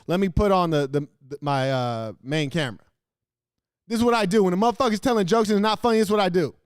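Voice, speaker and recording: A man's voice: high voice, fast talker, clear, resonant tone, no room sound. A man hosting a show, giving crude, mocking reaction commentary on video clips in his studio. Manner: brash, mocking, crude insults with sudden laughs. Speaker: host.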